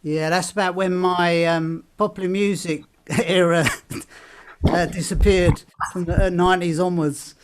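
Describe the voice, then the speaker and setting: A man's voice: sits high, steady tone, unhurried, a little hiss or hum. A man chatting on a video call at an open mic, with wry, teasing remarks. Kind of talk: casual chat on a video call.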